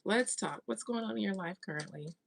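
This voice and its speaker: A woman's voice: medium pitch, brisk, gravelly, slight background noise. Blunt, gossipy woman reader. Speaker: tarot reader. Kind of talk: casual monologue, spiritual reading.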